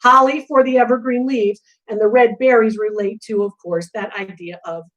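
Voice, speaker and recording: A middle-aged woman hosting a live antiques Q&A, chatting casually and telling animated stories full of asides. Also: fairly high pitch, normal speed, lo-fi sound. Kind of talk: casual live-stream chat.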